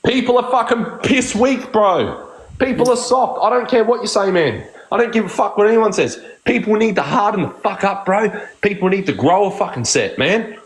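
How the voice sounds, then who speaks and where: A man's voice: sits high, expressive, normal speed, roomy sound, poor audio. A man ranting on a live stream, combative and swearing constantly. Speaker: livestream streamer. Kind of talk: heated live-stream argument.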